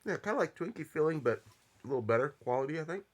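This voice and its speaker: A man's voice: fairly high pitch, animated, rapid-fire. A man co-hosting a casual stream, chatting and thinking aloud while he eats snacks. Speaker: co-host. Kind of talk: casual snack-tasting chat.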